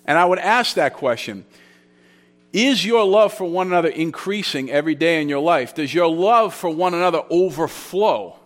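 A man delivers a sermon with a somewhat high voice, in a plain conversational teaching tone. He walks through grammar points, often repeating key phrases for emphasis. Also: animated, moderate pace. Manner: conversational storytelling with restarts. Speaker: pastor. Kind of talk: expository sermon.

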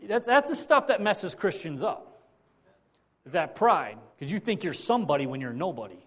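A man's voice: sits high, sing-song, moderate pace, fairly bright tone, breathy edge. A man preaching a sermon as a pastor, telling a personal story in a conversational way, often repeating and restarting phrases.

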